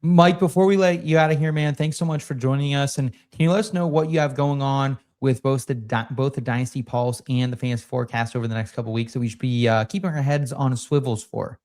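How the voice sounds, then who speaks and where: A man hosting a sports podcast, with a mid-pitched, ordinary voice. He keeps things moving and closes the show with an upbeat, practiced sign-off. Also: fairly even intonation, quick pace, few pauses, a little mellow. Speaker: podcast host.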